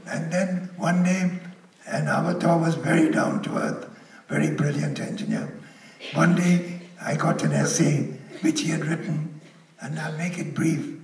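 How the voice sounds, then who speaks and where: An older man on a conference panel, telling a story and quoting other people, laughing as he goes. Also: fairly high pitch. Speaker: panel speaker. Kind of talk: anecdote told on a conference stage. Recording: echoey hall, mic at a distance.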